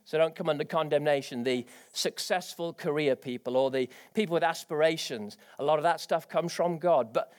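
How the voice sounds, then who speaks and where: A man preaching a sermon, energetic and animated, with rising exclamations. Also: fairly high pitch, normal speed, hardly any pauses. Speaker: pastor.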